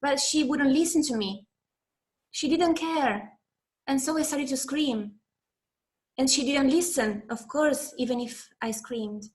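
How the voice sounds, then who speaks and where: A woman's voice: sits high, measured pace. A woman client speaking hesitantly about her past. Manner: hesitant, unsure. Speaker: client in a session.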